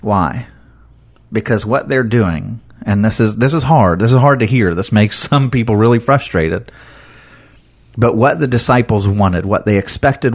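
Working through scripture, an earnest man preaches in a chatty, conversational way, his voice on the lower side. His delivery is animated and emphatic, dotted with casual filler words throughout.

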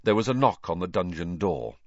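Low-voiced man with animated narration. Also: brisk, no room sound, muffled recording. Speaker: audiobook reader. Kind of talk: scripted narration.

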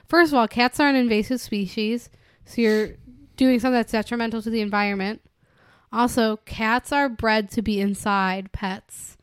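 A woman's voice: a little high, clear, resonant tone, no room sound, clean studio sound. A woman co-hosting a podcast, chatting casually about a film and giving her opinions in long, heated runs. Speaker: podcast co-host. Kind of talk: casual film-review chat.

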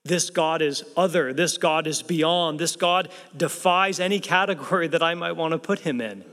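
Male pastor, emphatic sermon delivery, rhetorical questions, slightly high voice, long hall reverb. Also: normal speed, fairly bright tone.

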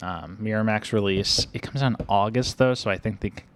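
Rambling young man, low voice. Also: a little fast, slight background noise. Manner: rambling, filler-heavy, laughs often. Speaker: podcast co-host. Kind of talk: casual movie-review chat.

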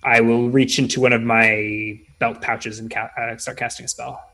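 A man's voice: medium pitch, flat delivery, normal speed, creaky, sharp tone. A man playing a tabletop game, talking hesitantly with lots of fillers and restarts. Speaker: player. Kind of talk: casual tabletop game play.

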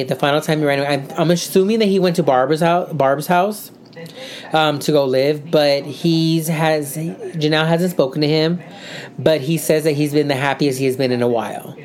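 Chatty podcast lady, deep-ish voice, lots of ums. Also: a little mellow. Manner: chatty, rambling, many fillers. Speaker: co-host. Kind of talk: casual podcast chat.

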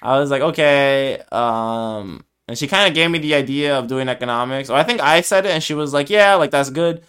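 A man's voice: mid-range voice, brisk, hardly any pauses, fairly bright tone, clean tone. A young man co-hosting a podcast, chatting casually in a hesitant, reflective way with many fillers. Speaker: podcast co-host. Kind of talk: casual conversation.

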